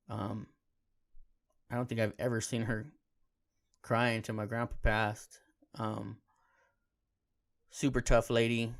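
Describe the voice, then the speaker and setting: A man's voice: medium pitch, vocal fry. A man hosting a podcast on his own, telling personal stories in a laid-back, heartfelt way, peppered with casual slang. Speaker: podcast host. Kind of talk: casual solo podcast storytelling.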